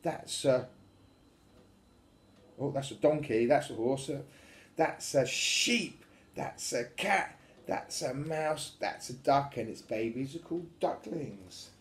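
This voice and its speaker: Dad reading a picture book slowly. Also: male voice, medium pitch, lively intonation, echoey room. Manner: sing-song, imitating animal noises. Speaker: father reading to his children. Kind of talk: reading a picture book aloud to young children.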